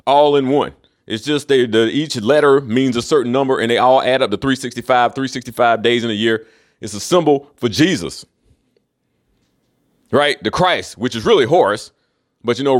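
Profane man ranting on his podcast. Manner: profane, emphatic ranting with swings in pitch. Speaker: podcast host. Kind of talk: casual solo monologue.

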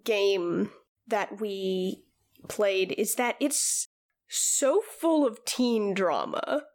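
A woman's voice: mid-range voice, drawn-out words, darkish tone. A woman co-hosting a casual chat, teasing her co-host and drifting off on tangents. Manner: teasing, chatty, drifts off topic. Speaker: podcast co-host.

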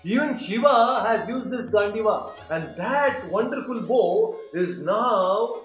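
A man retelling an epic tale in an animated storytelling style, asking his listeners questions. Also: high-pitched, slow pace. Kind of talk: mythology storytelling. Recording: echoey room with soft music.

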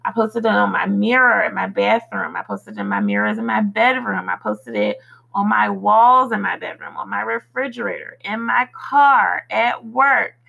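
Gravelly, husky woman podcaster. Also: mid-range voice, animated, bright, forceful tone, lo-fi sound. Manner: earnest, reciting affirmations slowly, then chatty with fillers. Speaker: podcast host. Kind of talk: motivational podcast monologue.

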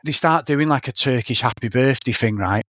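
A man's voice: medium pitch, normal speed, a bit bright, no echo, clean studio sound. A man, telling a rambling story in casual podcast chat, swearing often. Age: 40s. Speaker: podcast co-host.

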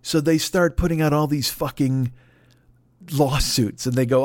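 A man hosting a podcast, ranting in a loud, profane, mocking way and acting out other people's voices. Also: fairly high pitch, moderate pace, no echo, clean studio sound. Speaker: podcast host. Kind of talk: profane political rant.

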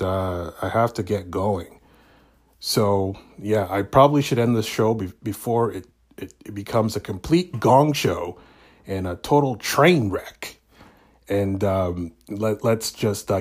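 A man hosting his own podcast show, talking casually and rambling with lots of fillers and restarts. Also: on the low side. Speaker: podcast host. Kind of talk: casual solo chat.

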